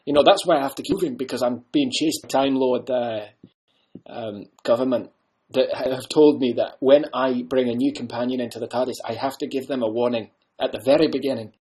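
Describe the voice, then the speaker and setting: A man's voice: mid-range voice, fairly even intonation, fairly quick, slightly rough, lightly acted. A man doing an impression of a blunt, rambling Scottish time-travelling Doctor, with a Scottish accent. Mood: ranting. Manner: rambling, blunt, loud bursts.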